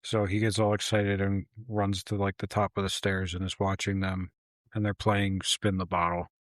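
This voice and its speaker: In a clean studio recording with no echo, a male podcast co-host retells a film's plot in a casual movie recap chat, acting out the characters' lines. His voice is low-pitched, his delivery flat, his speed normal.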